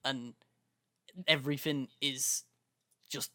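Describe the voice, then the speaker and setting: This young adult man, a podcast co-host, speaks in a mid-range, steady voice that sounds pushed and bright, and he takes his time. He's telling a story in casual chat, acting out quotes and laughing often.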